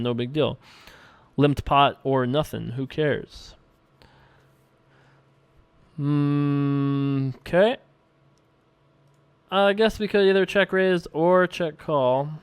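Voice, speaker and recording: A man's voice: a little high, clear, resonant tone, dry recording. A man casually commenting on his online poker hands and answering viewer emails, rambling and thinking aloud with a self-amused tone, from a room at home.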